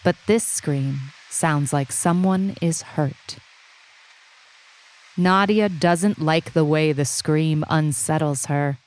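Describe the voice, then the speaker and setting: Slow, low-voiced woman narrator. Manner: slow, even storytelling. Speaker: story narrator. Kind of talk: audiobook reading.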